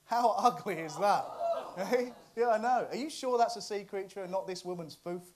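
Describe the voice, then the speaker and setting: A man's voice: sits high, moderate pace, crowd noise. A man hosting a comic news monologue, cheeky and often laughing at his own jokes. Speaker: comedy show host.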